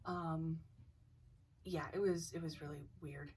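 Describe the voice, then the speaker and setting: A woman's voice: sits low, fairly even intonation, slow, a little mellow, recorded from a distance. A young woman casually telling a ghost story, hesitant, with many restarts and dips into near-whispers.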